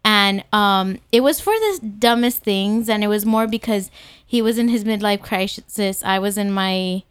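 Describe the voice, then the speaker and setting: On a church podcast, a young adult woman co-hosts in a relaxed, chatty way, with quick, playful, expressive reactions. Her mid-range voice sounds clean and carries no echo.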